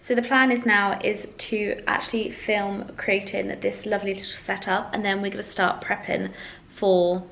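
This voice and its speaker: A woman's voice: mid-range voice, little pitch movement, normal speed, vocal fry, fairly bright tone, a little hiss or hum. A young woman, chatting casually and gushingly in a lifestyle vlog at home. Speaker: lifestyle vlogger. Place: home, indoors. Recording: echoey home room with faint ambience.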